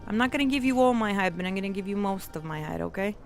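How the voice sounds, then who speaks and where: A chatty woman gaming on a live stream, laughing a lot and rambling through her plans. Her voice sits at an ordinary middle pitch, with faint music playing behind her. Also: animated, very fast. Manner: chatty, laughs often, trails off and restarts. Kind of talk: casual gaming stream chat.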